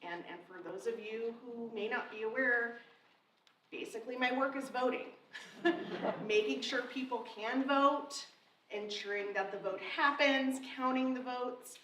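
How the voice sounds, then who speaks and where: A woman in her forties delivers a heartfelt memorial tribute in a relaxed, conversational way. Her voice comes from a distant microphone in a roomy, echoing hall. A faint hiss sits under the recording. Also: a little high, measured pace. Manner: heartfelt, conversational, laughing between lines. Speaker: Secretary of State speaking at a memorial. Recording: roomy echo from a distant mic, faint noise.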